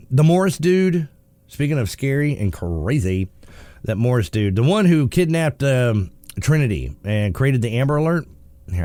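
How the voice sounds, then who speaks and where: A man hosting a morning talk radio show, sarcastic and quick to laugh as he comments on the news. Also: medium pitch, mellow, no echo. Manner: joking and sarcastic, laughs often. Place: radio studio.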